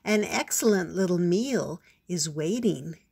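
A woman's voice: on the low side, expressive, creaky, darkish tone, breathy edge, exaggerated voice. A woman doing a scornful storybook raven. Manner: mocking, quick to scoff. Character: scornful, greedy male raven.

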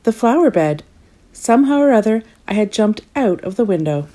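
A woman reading a storybook as a clumsy, cheerful male character, telling his own tale of mishaps in a lively, rueful way. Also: medium pitch, normal speed, natural voice.

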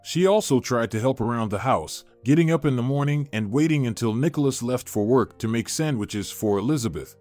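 A man reading a story in scripted narration, with a steady, even delivery. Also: mid-range voice, brisk, few pauses. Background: soft background music.

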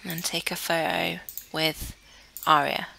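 Bright-voiced chatty young woman. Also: low voice, very animated, measured pace, gravelly. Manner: chatty, talks to her game characters, easily flustered. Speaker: let's play gamer. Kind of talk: casual gameplay commentary.

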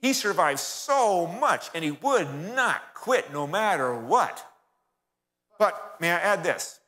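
A folksy man delivering a history talk from the front of a church, fairly high-voiced and bright. He keeps turning to his audience and calling them folks. A long reverb from the church hall hangs behind his voice. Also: very animated, slow. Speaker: guest speaker.

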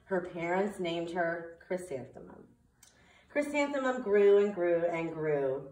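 Woman preschool teacher, slow clear sing-song delivery, circle time read-aloud, off-mic, roomy echo. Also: on the low side, lively intonation, dark tone, distant mic.

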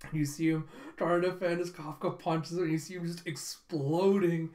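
Excitable man recapping a comic. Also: on the high side, normal speed. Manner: excited, rambling, recaps with laughs. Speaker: comic reaction reviewer. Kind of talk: casual comic recap and reaction. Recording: roomy echo.

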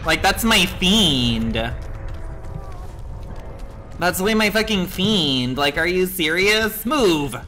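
A male game streamer talking at a slow pace in a fairly high, bright voice. He is excitable and swears often, reacting loudly to the game and answering his chat. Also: a little hiss or hum. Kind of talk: live gaming stream chat.

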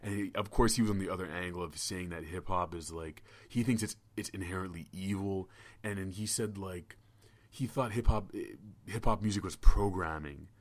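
A man's voice: sits low, moderate pace. A man hosting a casual podcast, telling stories in a rambling way with stammered restarts and swearing. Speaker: podcast host. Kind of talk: casual podcast chat and storytelling.

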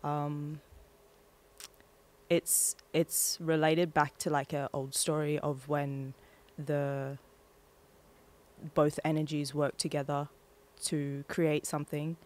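A woman's voice: sits low, little pitch movement, slow pace, darkish tone. A woman guest in a casual interview, hesitant and full of fillers.

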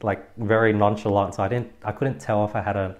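Australian man, low voice, rambling host. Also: little pitch movement, brisk, dull audio. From Australia (West Sydney). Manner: rambling, many fillers and restarts. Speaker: podcast host. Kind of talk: casual interview.

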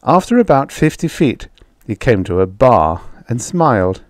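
A man narrating a science fiction short story as an audiobook, in a measured, even storytelling manner. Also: medium pitch, no echo, clean studio sound.

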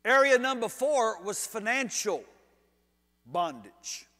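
A male preacher telling a story in a sermon, animated and humorous. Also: high-pitched, slow pace, big-room sound. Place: church sanctuary.

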